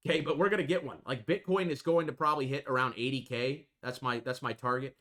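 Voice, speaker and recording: A man's voice: medium pitch, steady tone, quick pace, hardly any pauses, a bit bright. A man hosting a trading channel, giving emphatic, repetitive market commentary over charts and tagging his lines with "okay" and "folks".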